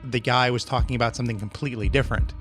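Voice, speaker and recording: A male podcast guest telling a story with animation and a teasing streak. His voice sits in a middle range, with faint music under him. It comes across as a relaxed conversation between friends. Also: medium pitch, rapid-fire. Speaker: guest co-host. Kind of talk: casual chat.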